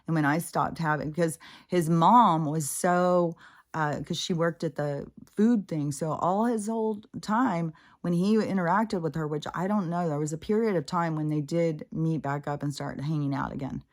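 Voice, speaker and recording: Low-voiced woman telling a candid story. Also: moderate pace. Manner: candid, profane, exasperated storytelling. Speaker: spiritual vlogger. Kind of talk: casual storytelling monologue.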